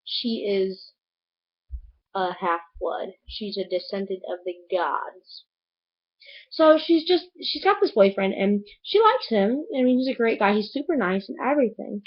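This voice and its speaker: A woman's voice: medium pitch, lively intonation, measured pace, breathy edge, lo-fi sound. A woman reviewing a book in a casual vlog, rambling and chatty with lots of fillers.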